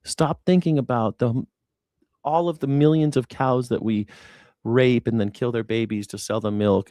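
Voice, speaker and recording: A man's voice: lowish voice, no echo, clean studio sound. Sarcastic man hosting a live stream. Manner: sarcastic, mocking, jumps between loud and hushed. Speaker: live-stream news reaction host. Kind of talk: live-stream commentary to chat.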